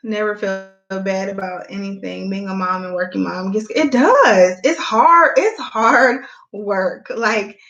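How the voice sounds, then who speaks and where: Chatty bright-voiced young woman vlogger. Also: medium pitch, a little slow, highs cut off, faint music behind. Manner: chatty and candid, Southern "y'all" speech. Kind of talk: casual chat. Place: home.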